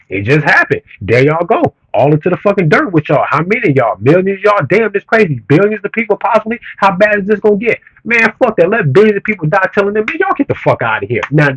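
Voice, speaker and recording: A man's voice: high voice, fairly bright tone, breathy edge, dry recording, rough recording. Profane man ranting on a livestream. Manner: profane, blunt, heated rant with rising emphasis. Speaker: streamer reading comments. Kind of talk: casual livestream rant.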